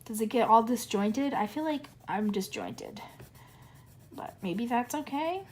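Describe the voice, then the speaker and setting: Young female coloring host, casual and tangent-prone, slightly hoarse, talking to a camera on a monopod. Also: a little high, animated, unhurried, a little mellow, slight background noise. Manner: rambling, chatty, easily sidetracked. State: losing her voice. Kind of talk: casual chat while coloring.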